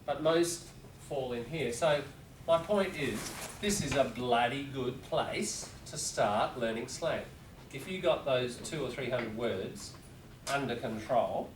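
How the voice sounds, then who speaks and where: A man's voice: mid-range voice, noisy background. A man teaching a class in a casual, rambling lecture with asides to students. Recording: roomy classroom, voice from a distance.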